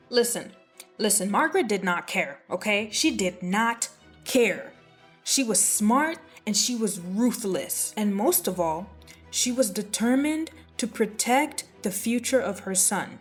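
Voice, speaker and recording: A woman with a fairly high voice whose pitch swings up and down as she chats. She tells history like juicy gossip, sassy and playful, over soft background music. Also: lively intonation, measured pace. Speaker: history vlogger. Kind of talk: casual chatty storytelling.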